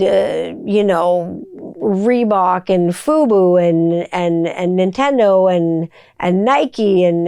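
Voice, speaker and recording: A woman's voice: fairly high pitch, darkish tone, clean tone, no echo, clean studio sound. A middle-aged woman hosting a podcast, ranting bluntly with lots of swearing and rhetorical questions. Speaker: podcast host. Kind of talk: profane ranting monologue.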